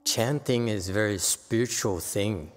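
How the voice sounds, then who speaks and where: A man's voice: on the low side, unhurried. An older man giving an unscripted dharma talk as a Buddhist teacher, blunt and exhorting, often checking in with "okay?". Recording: long reverb from a hall.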